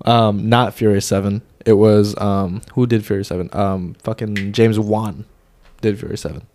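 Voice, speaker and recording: A man's voice: on the low side, steady tone, normal speed, a little mellow, a little hiss or hum. Laid-back male podcast co-host. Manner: loose and jokey, swears, stumbles on names. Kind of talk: casual movie review chat.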